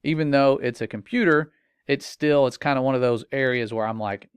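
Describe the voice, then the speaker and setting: A man's voice: mid-range voice, brisk, clean tone, dry recording. A middle-aged father telling a personal story in an earnest, warning tone, with casual fillers. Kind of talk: earnest personal testimony monologue.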